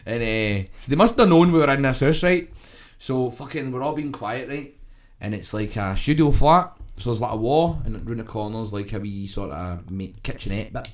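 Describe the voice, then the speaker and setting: Glaswegian guy, podcast co-host, rambling sweary anecdote, mid-pitched voice. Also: expressive, normal speed. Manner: rambling, sweary anecdote-telling with frequent "right?". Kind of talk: comic storytelling.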